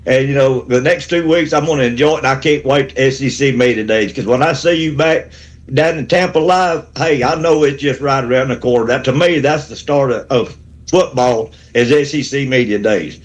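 A man's voice: medium pitch, moderate pace. A man, calling a sports radio show with a rambling, fired-up pep talk. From Alabama. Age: 60s. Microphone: phone call.

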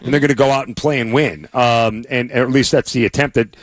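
A man co-hosting a sports talk radio show, giving his opinions in a relaxed, conversational way with frequent fillers and restarts. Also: mid-range voice, brisk, no room sound. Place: radio studio.

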